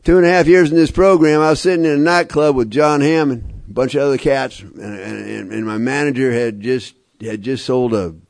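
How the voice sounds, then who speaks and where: A man's voice: fairly low pitch, a little mellow. A man giving a personal recovery talk to a live group, telling his story in an emphatic, repetitive and wry way. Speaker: speaker at a recovery meeting.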